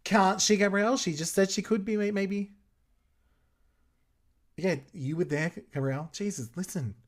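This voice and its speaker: A man's voice: high voice, measured pace, a little mellow. A man hosting a watch-along episode commentary podcast, sarcastic and playful, talking back at the screen. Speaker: podcast host.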